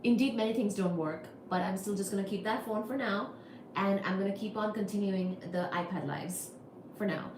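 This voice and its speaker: A woman hosting a casual livestream, reading chat comments in a playful, laughing way. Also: medium pitch. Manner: playful, laughs often, soft and drawn-out. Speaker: livestream host. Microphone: iPad. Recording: roomy echo with faint background noise.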